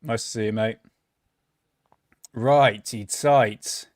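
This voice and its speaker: Man reading haltingly, dry sound. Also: mid-range voice, fairly even intonation, no room sound. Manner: reads stumblingly with asides and laughs. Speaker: podcast co-host. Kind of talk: casual live-stream chat and reading.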